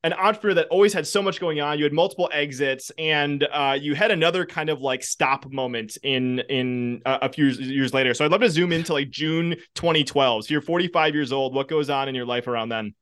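A man's voice: on the high side, brisk, few pauses, a bit bright. A man from Wisconsin hosting an interview, asking questions in an encouraging way. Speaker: podcast host.

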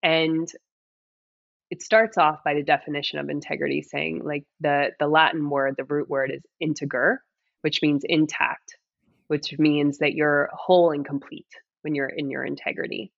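Earnest gravelly-voiced woman, dull dry audio. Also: low-pitched, little pitch movement, normal speed, no echo. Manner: earnest, heartfelt, frequent "like" and "right?". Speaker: podcast guest, mother and coach. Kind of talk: reflective interview conversation.

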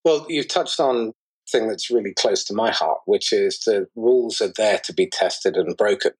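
A man's voice: fairly low pitch, moderate pace, husky, rough recording. A man interviewing a guest, asking curious and enthusiastic questions. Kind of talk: casual conversation.

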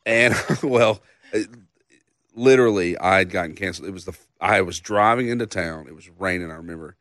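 Low-voiced guy in his 30s telling a story, laughs a lot, dry close mic. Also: a little fast, fairly bright tone, dry recording. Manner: laughing, loose storyteller, says man and dude. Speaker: songwriter guest. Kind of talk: casual storytelling on a podcast.

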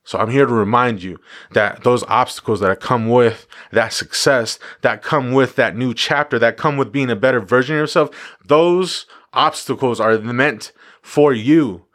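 A man's voice: mid-range voice, measured pace, fairly bright tone. A man giving a casual motivational talk, driving his points home with repeated phrases and the odd swear word. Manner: emphatic repetition, casual profanity. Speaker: motivational vlogger.

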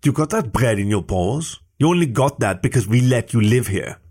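A man's voice: mid-range voice, animated, normal speed, darkish tone, natural voice. A man voicing a smug, taunting young bear who bullies a boy.

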